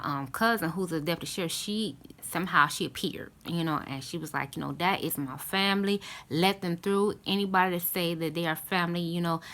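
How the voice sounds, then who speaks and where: Low, gravelly woman telling a story. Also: a bit bright. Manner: earnest, rambling, calls viewers "family"; many fillers like "you know" and "um". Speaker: vlogger talking to her viewers. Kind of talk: casual storytelling to camera.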